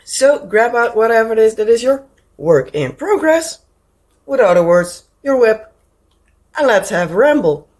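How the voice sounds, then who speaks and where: A woman with a Dutch accent, hoarse from a cold, hosting a casual rambling craft chat and pausing now and then to find the right words. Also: on the high side, sing-song, a little mellow. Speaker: crafting channel host.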